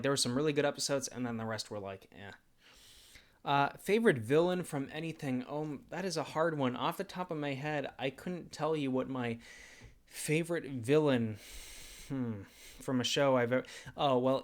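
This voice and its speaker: A man in his twenties chats through a casual livestream Q&A in a mid-range voice. He rambles and corrects himself, drops fillers everywhere and laughs at his own jokes. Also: mid-range voice. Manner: rambling and self-deprecating, with frequent laughs and fillers. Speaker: channel host.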